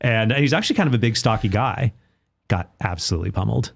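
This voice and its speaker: A man, a Catholic apologist guest on a podcast, telling stories in quick, chatty bursts with many restarts. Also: on the low side, lively intonation, vocal fry. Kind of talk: casual podcast chat.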